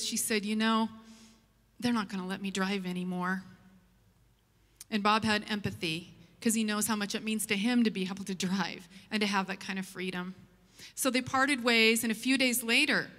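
A woman preaching to a church, telling a story with a light, humorous touch. Her voice is bright and forward, and it rings out with the long reverb of a big church hall. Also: a little high, normal speed. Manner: lively, humorous anecdote telling. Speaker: church speaker. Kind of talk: sermon storytelling. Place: church auditorium.

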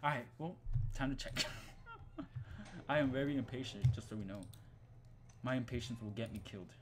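A young man hosting his channel, giving jokey, profane commentary while playing a horror game, muttering one moment and yelling in panic the next. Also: mid-range voice, moderate pace, heavy background noise. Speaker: gaming channel host.

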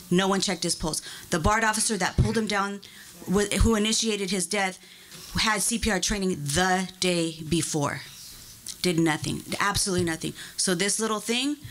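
A woman's voice: medium pitch, a bit bright. A woman giving impassioned, emphatic public testimony at a board meeting, speaking into a podium microphone. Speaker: public commenter.

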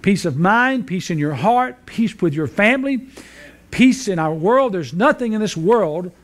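Folksy, high-voiced preacher. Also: male voice, expressive, unhurried. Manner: folksy, joking storyteller with frequent fillers. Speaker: pastor. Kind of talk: sermon. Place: church sanctuary.

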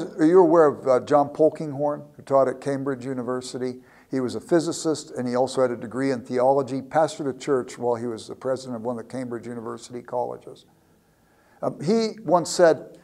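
A man's voice: mid-range voice, moderate pace, darkish tone. A man giving a lecture, telling a classroom anecdote and often repeating words as he starts a thought. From United States. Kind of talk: storytelling lecture.

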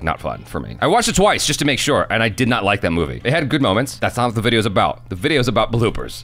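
A man co-hosting a movie reaction video, talking in a casual, animated way and swearing now and then. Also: sits low. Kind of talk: casual chat.

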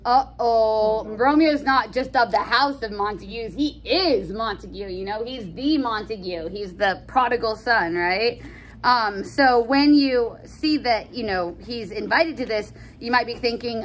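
A woman explaining a classic play in casual, slangy talk, full of asides. Her voice sits fairly high. Faint noise runs underneath. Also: measured pace. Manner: chatty, slangy, animated explanations. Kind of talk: casual lesson with read-aloud scenes.

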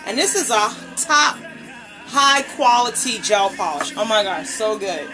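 A woman's voice: mid-range voice, measured pace, music in the background, rough recording. A woman hosting a casual live unboxing stream as a nail polish brand ambassador, gushing over each item and greeting her viewers by name. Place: indoors at home, table set up. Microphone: tablet camera microphone.

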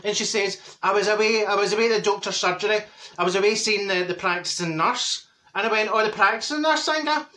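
A man's voice: sits high, quick pace, pushed and bright. Marjorie, a man playing a brash Glaswegian auntie. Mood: gossipy. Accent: Glaswegian Scottish. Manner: gossipy storytelling, mimics neighbours, cackles at own jokes. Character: chatty older Glasgow woman, brash, cheeky gossip. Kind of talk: comic character monologue.

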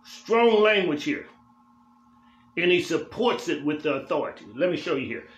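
A male pastor with a voice on the high side talks fast while teaching a Bible study in a church sanctuary. He speaks emphatically, repeating phrases for weight in a preaching cadence, and the recording has a roomy church echo.

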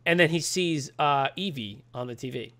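A man hosting a podcast in casual chat, animated and chatty, full of fillers and restarts. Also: fairly high pitch, moderate pace. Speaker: podcast host.

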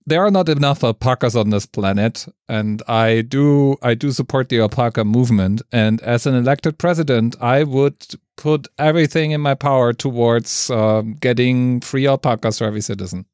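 A man's voice: medium pitch, moderate pace, few pauses, a little mellow, clear, resonant tone, no echo, clean studio sound. A man debating on a casual podcast, answering with jokes and then earnest points. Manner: light-hearted, joking answers, then earnest.

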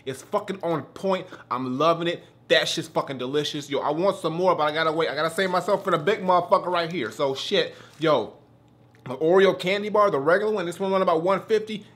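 A man with a slightly high voice reviews candy in a loose, excitable way. He swears freely and stops to chew mid-sentence. He sounds worked up over the food. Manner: profane, excitable, talks while eating.

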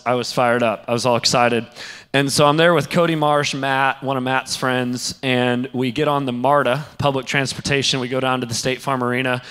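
A young man preaching a sermon, telling a story in a lively way and acting out the other people's lines. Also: medium pitch, clear, resonant tone, long reverb tail. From St. Louis area. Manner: animated, acts out quoted voices. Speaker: pastor.

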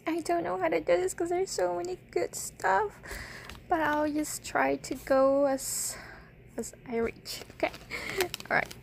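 Very high-pitched gushing woman vlogger. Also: a little slow, creaky. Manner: gushing, gasping, often drops to a whisper. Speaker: vlogger unboxing a package. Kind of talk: excited unboxing vlog. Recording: steady background noise.

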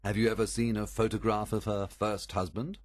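A man doing a calm probing detective. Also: on the low side, dry recording, clean studio sound, lightly acted. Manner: measured, questioning.

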